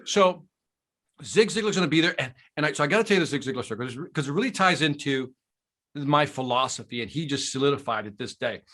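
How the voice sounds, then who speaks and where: Animated, bright-voiced male storyteller. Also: fairly high pitch, quick pace. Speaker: podcast guest, sales trainer. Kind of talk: storytelling in casual conversation.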